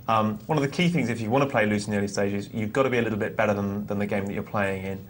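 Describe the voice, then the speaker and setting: Male co-host, lowish voice, thoughtful explainer, faint hiss behind. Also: rapid-fire. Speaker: poker show co-host. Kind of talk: live on-air poker talk.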